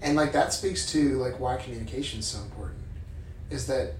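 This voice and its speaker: A man of middle pitch co-hosts a relaxed podcast with his partner, telling stories candidly and swearing freely. His voice sits a little away from the mic in a roomy, echoey space, with faint noise underneath. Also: brisk, far from the mic. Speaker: podcast co-host. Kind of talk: casual couple chat.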